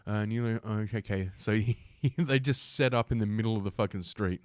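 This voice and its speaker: A man's voice: lowish voice, brisk, no room sound, studio quality. A young man hosting a livestream, reading news aloud and ranting about it in a sarcastic, profane, combative way. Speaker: livestream host.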